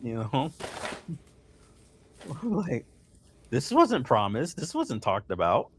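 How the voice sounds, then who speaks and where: A man's voice: mid-range voice, huge pitch swings, takes it slowly, husky. A man hosting a casual livestream, venting with profanity and frequent laughter. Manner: frustrated, profane, laughing between complaints. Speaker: stream host.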